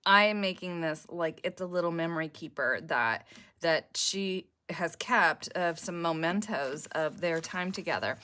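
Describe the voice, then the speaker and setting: A woman's voice: on the low side, unhurried, sharp tone. A woman with a sore, cracking throat, chatting and thinking aloud in a rambling way as she explains a crafting project. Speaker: junk journal crafter on a design team. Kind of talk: casual crafting tutorial.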